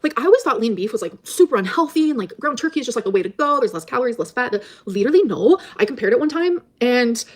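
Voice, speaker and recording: A woman's voice: on the high side, sing-song, fast, few pauses. A young woman vlogger chatting casually and rambling about her day, with her speech full of "like" fillers. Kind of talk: casual chat vlog.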